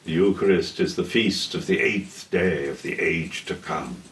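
An older man giving a theology lecture in a deliberate, solemn way, pausing between phrases. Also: low voice, a bit bright. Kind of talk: slow measured theology lecture. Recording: echoey room, heard from a distance.

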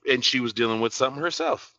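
A man's voice: mid-range voice, quick pace, sharp tone, dry recording, muffled recording. A man co-hosting a podcast in casual chat, laid-back and slangy. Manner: laid-back, slangy, many "you feel me" asides. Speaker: podcast co-host.

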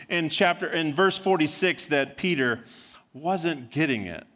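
A man's voice: a little high, lively intonation, unhurried, fairly bright tone. A man preaching a sermon as senior pastor, earnest, repeating words and rising into fervent pleading prayer.

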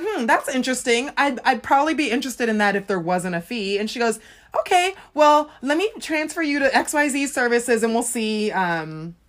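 A woman co-hosting a casual chat, telling a story with lots of animated retelling and laughter. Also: medium pitch. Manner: animated storyteller, acts out phone calls, laughs often. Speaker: podcast co-host.

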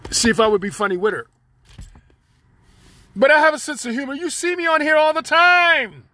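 A man's voice: very high-pitched, moderate pace, bright, forceful tone, no echo. A man hosting his own podcast, rambling and joking in loose slang straight to his listeners. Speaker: podcast host. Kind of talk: casual solo monologue.

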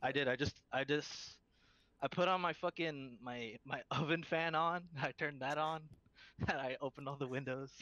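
A young man in a casual voice chat, speaking in a relaxed, halting way. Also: mid-range voice, dry recording. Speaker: friend in voice chat. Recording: dull, dry lo-fi mic.

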